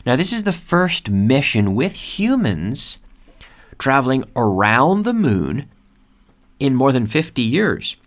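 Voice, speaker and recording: A man hosting an English lesson, speaking slowly and repeating key words so learners can practice pronunciation. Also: medium pitch, very animated. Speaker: English teacher and podcast host. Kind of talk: casual vocabulary lesson.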